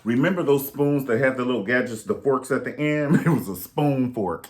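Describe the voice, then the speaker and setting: A man's voice: mid-range voice, normal speed. A man giving sassy, profane, rambling gossip commentary in a vlog.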